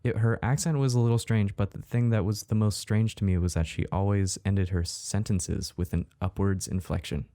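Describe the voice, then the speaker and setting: A young man from Texas, a guest on a casual podcast chat, easygoing and quick to laugh. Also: on the low side, steady tone, dark tone, no room sound, clean studio sound. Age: young adult.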